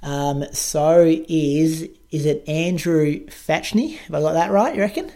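A man's voice: on the high side, measured pace, mellow. A man, co-hosting a podcast and reading out news in casual chat. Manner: chatty, reads items aloud. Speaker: podcast co-host.

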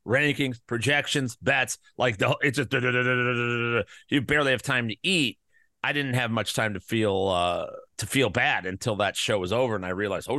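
A male podcast host with a bright, forceful voice, recorded close and dry with no room sound. He rambles loosely and throws in crude jokes, and his voice sounds slightly worn from an illness he is getting over. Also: medium pitch, no room sound. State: recovering from covid, voice slightly worn. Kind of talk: casual podcast chat.

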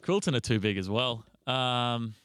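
Joking podcast co-host. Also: male voice, mid-range voice, unhurried, fairly bright tone, clear, resonant tone, dry recording. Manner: joking, swears freely. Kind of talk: casual banter.

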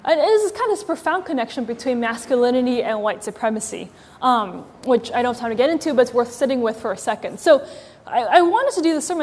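Chatty woman preaching in a reverberant hall. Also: a little high. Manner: chatty and wry, frequent ums and likes. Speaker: preacher, church executive director. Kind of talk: casual conversational sermon. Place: church meeting hall with live audience.

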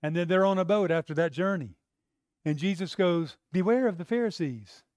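A man preaching a sermon in a conversational way, acting out quotes and building to loud emphasis. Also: high voice, moderate pace, no echo. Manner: conversational, acts out voices, rising to loud emphasis.

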